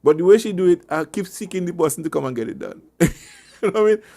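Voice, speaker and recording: A man's voice: high-pitched, lively intonation, quick pace, dark tone. A male radio host giving casual relationship advice over an online call, rambling through anecdotes with chuckles and repeated words. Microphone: online meeting call.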